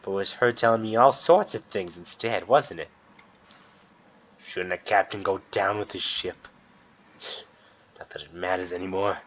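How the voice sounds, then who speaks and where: A gruff, bitter old mechanic drawls his lines in a low, coarse voice, as a man reads him out. The sound is dull and lo-fi. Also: a bit bright, slight background noise.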